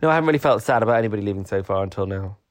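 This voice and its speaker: Laid-back man with a lively voice. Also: fairly low pitch, racing. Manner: laid-back, swears freely. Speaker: podcast co-host. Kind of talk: casual chat.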